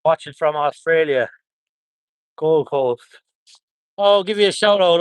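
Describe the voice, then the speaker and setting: A man's voice: sits high, moderate pace, smooth, no echo. An Irish man chatting on a live stream, reading out viewer comments and thanking viewers by place in an upbeat way, outdoors at a protest on a phone held close. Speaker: livestreamer.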